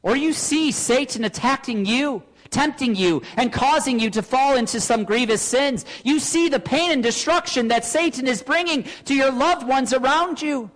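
A pastor delivers an earnest sermon, pressing his listeners with rhetorical questions. His voice sits very high for a man. The sound rings out with the long reverb of a church hall. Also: normal speed, few pauses, fairly bright tone.

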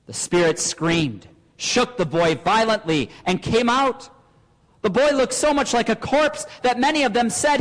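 Man preaching in a church, really high voice, long echoey reverb, asks lots of questions. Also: moderate pace, fairly bright tone. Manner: earnest preaching with rhetorical questions. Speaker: pastor. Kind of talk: sermon.

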